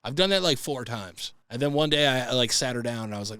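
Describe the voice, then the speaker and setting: A man's voice: medium pitch, expressive, quick pace, pushed and bright, clear, resonant tone, no room sound. A young adult man hosting a podcast, telling comic stories in a profane, exasperated rant. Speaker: podcast host. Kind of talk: comedic storytelling monologue.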